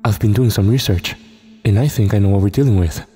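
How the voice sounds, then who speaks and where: Man doing confident woman cryptozoologist, self-assured, low, mellow, spoken horror story. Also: brisk, soft background music, lightly acted. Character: confident female cryptozoologist, adult.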